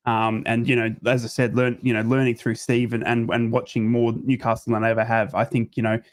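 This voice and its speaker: A man's voice: mid-range voice, completely flat delivery, brisk, no echo. A man on a football podcast panel, talking in a hesitant way with many fillers and restarts over a video call. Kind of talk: casual football chat.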